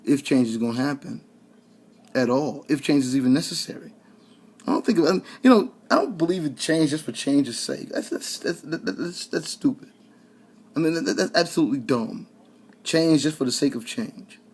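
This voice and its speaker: A man's voice: a little high, lively intonation, normal speed, a little mellow, husky. A man giving a heated, sarcastic political rant straight to his listeners, often stumbling over repeated words. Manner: addresses listeners directly, colloquial. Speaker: commentator. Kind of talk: ranting political commentary.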